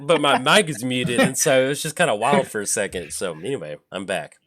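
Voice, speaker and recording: A man's voice: medium pitch, lively intonation, brisk, fairly bright tone. A man hosting a casual card game chat over an online call, laughing often and acting out his own thoughts. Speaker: host, commander player. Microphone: own mic on an online call.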